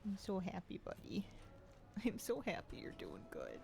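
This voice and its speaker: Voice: mid-range voice, wildly swooping pitch, moderate pace, vocal fry, a little mellow. A streamer chatting casually at a home desk while gaming, reading out viewer messages and cooing at a pet cat in a playful baby voice. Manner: reads out and answers viewer chat.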